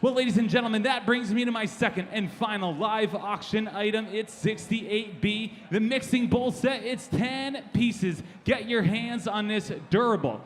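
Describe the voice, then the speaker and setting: A man competing as an auctioneer, giving a polished introduction and then chanting rapid repeated bid calls. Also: sits high, big-room sound. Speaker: auctioneer contestant. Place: large convention hall stage.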